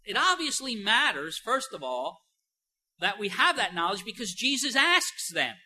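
A man preaching a sermon as pastor, emphatic, with many rhetorical questions and "you know" fillers, moving between soft and loud emphasis. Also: high voice, big pitch swings, unhurried, breathy edge, poor audio.

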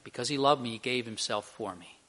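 A man's voice: mid-range voice, quick pace, sharp tone. An older man preaching a sermon, telling a story earnestly and acting out the people in it. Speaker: pastor.

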